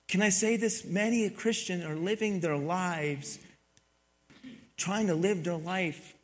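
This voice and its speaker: A man preaching a sermon, telling a story in a loose, rambling way and swinging from quiet asides to loud, excited retellings. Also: sits high. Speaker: pastor.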